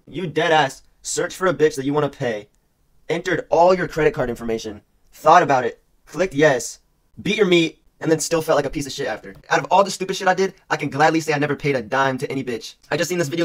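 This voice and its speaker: A man's voice: a little high, fast talker. A young man telling crude comedic stories in a rambling, profane way, often repeating himself as a streamer. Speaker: streamer and content creator. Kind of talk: casual comedic storytelling monologue.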